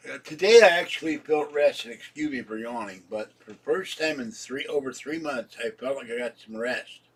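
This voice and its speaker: A man in his seventies, sick and hoarse, rambling casually to his viewers about his day and laughing at his own jokes. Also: mid-range voice, normal speed, distant mic. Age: 70s. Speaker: vlogger. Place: home.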